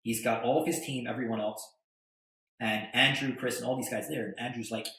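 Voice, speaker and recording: A man, a podcast guest, telling a story in a casual, animated way, with stammered restarts and tag questions. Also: mid-range voice, a little fast, heavy reverb, poor audio. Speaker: podcast guest, attorney and entrepreneur.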